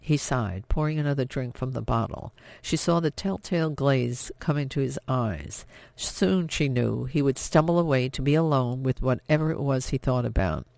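A man reading an audiobook as narrator in a measured, even storytelling manner. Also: medium pitch, gravelly, no echo. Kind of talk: scripted narration.

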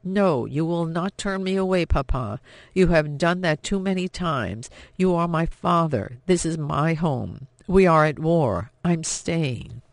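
A man voicing a headstrong young woman of nineteen, impassioned and sharp as she stands up to her father. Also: on the high side, lively intonation, measured pace, gravelly, dry recording. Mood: defiant.

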